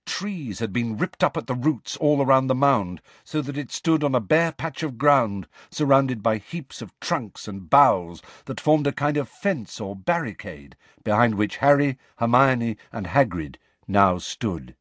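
A man narrating an audiobook in an expressive storytelling manner. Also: medium pitch, a little slow, hardly any pauses, no echo. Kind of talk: scripted narration.

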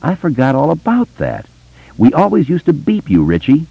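A man's voice: fairly high pitch, huge pitch swings, moderate pace, vocal fry, husky, no echo, phone-quality sound, voice pushed up, heavily acted. A man voicing a playful grown woman who teases and giggles. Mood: teasing. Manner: giggly, teasing. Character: playful adult woman, old friend.

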